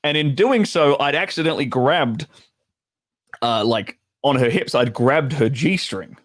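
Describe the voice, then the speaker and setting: An Australian man with a matching accent hosts a relaxed storytime chat, speaking bluntly, swearing freely, and tossing in laughing asides. His medium-pitched voice is animated and unhurried, recorded dry.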